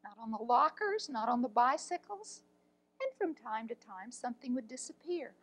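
Woman, high-pitched voice, earnest heartfelt storytelling, soft-spoken, art teacher. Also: big pitch swings, moderate pace, rough recording. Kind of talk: personal storytelling talk.

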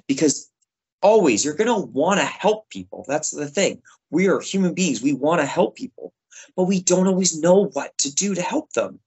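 A man teaching children in a chatty, lively way, acting out short example phrases as he explains. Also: fairly high pitch, moderate pace, husky, rough recording. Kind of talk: classroom lesson for kids.

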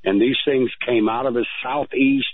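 Male radio caller, halting storyteller, heard over a tinny phone line. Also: mid-range voice, steady tone, no echo. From United States. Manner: halting, repeats words. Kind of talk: phone-in account.

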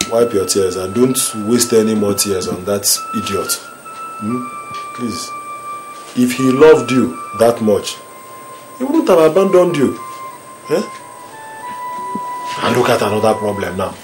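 Domineering older brother, Nigerian accent, lively pitch, film music under him. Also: male voice, poor audio. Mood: coaxing. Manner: coaxing with tag questions "eh?", turning to shouted threats. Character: bossy older brother, pleading then threatening. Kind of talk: Nollywood film drama.

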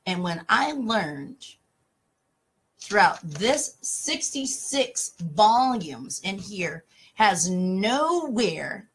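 A woman's voice: mid-range voice, very animated, drawn-out words, slightly rough. A woman talk show host, speaking emphatically and passionately in casual talk about scripture and reading verses aloud.

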